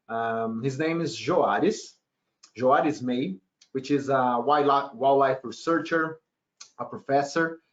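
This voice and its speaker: A man moderating a webinar, introducing the guest speaker hesitantly with many filler sounds. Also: mid-range voice. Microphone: computer mic on a video call. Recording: dull lo-fi webinar audio.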